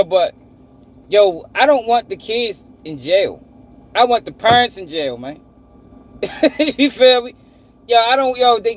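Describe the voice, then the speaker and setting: A man giving blunt, profane casual commentary on a news story, calling his viewers y'all and speaking. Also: high-pitched. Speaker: commentator reacting to news clips.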